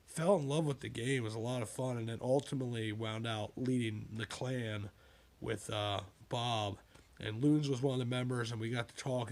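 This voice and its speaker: A man who writes books, talking casually about them in a rambling monologue full of digressions and asides. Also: medium pitch.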